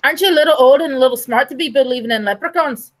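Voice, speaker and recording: A woman's voice: high-pitched, rapid-fire, very noisy, close to an everyday voice. A woman voicing a sly, crude male leprechaun with a lilting put-on brogue, as a figure in a told joke.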